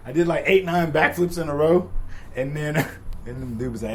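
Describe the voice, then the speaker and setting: A man's voice: on the high side, a little slow, long pauses, a little hiss or hum. A young man casually telling funny stories, laughing often and acting out the other people's lines. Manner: laid-back, laughs often, swears freely; acts out dialogue in shifting voices. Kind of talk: casual storytelling.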